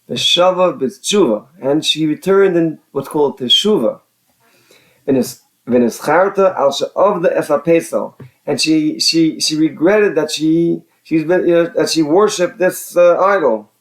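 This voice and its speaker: A man's voice: on the high side, unhurried. A man teaching a religious text, reading out Hebrew phrases and translating each into casual English, often repeating words and restarting. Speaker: Torah teacher.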